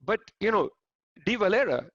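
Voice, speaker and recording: A man's voice: high-pitched, sing-song, moderate pace, no room sound. A man from India with a Punjabi accent, giving an emphatic, insistent political talk over a video call and repeating phrases for stress. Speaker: panel speaker. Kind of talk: political lecture. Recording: dull, lo-fi, dry video call audio.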